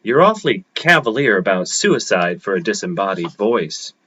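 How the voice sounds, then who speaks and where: A man's voice: fairly low pitch, very animated, moderate pace, sharp tone, breathy edge, muffled recording, heavily acted. A man reading aloud, voicing an awkward, anxious office worker who lives alone. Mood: flustered. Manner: awkward, flustered.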